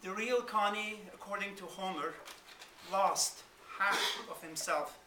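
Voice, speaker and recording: Male orator, slow deliberate delivery, high ringing voice, caught from across an echoey hall. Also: background noise. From Turkish-ruled Kurdistan. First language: Kurdish. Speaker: guest speaker. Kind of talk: formal lecture oration. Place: university lecture hall. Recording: roomy hall, mic from far off.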